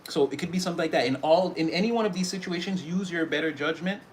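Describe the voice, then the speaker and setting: A man's voice: on the high side, fast talker, a little hiss or hum. Rambling man giving a tarot reading. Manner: rambling, loose, full of fillers and restarts. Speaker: tarot reader. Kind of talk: casual spoken tarot reading.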